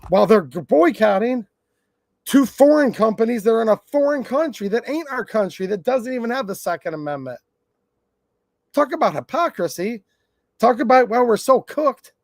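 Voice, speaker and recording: A man's voice: extremely high pitch, expressive, normal speed, no room sound, studio quality. A man hosting his channel, delivering a blunt, sarcastic rant to his viewers. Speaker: gun channel host. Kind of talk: ranting livestream monologue.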